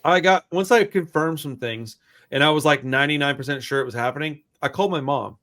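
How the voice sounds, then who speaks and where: A young man co-hosting a podcast, telling a story in a loose, profane, animated way and acting out the quotes. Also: fairly high pitch, a little fast. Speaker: podcast co-host. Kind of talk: casual storytelling chat.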